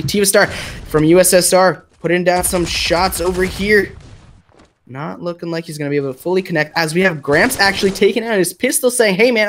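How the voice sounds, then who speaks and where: A man casting a mobile shooter match live, with excitable play-by-play full of fillers. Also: a little high, a little hiss or hum. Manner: excitable caster with frequent fillers. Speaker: esports commentator.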